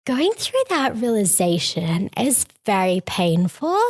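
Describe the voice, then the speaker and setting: A woman's voice: medium pitch, very animated, slow, darkish tone, husky, dry recording, exaggerated voice. A woman doing a valley girl voice to quote a politician, with a lilting drawl. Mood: mock earnest.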